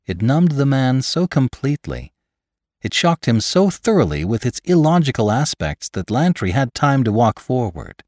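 A man narrating a classic story for a podcast, measured and expressive. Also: mid-range voice, dry recording, studio quality.

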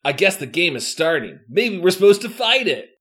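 A man doing a cocky excited young boy. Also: high voice, normal speed, pitched above the performer's own voice. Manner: excited, raised voice.

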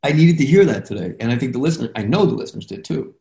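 A man's voice: medium pitch, expressive, very fast, gravelly, mellow. Passionate man hosting, echoey room. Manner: passionate, rambling, emotional. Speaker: podcast host. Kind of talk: interview conversation. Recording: roomy echo.

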